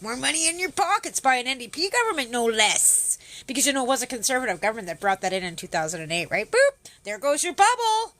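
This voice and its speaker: A woman's voice: a little high, lively intonation, quick pace, hardly any pauses, bright, forceful tone, dry recording. A woman hosting a livestream, ranting sarcastically with heavy swearing and greeting her viewers. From Canada. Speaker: livestream host. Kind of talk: casual ranting livestream chat.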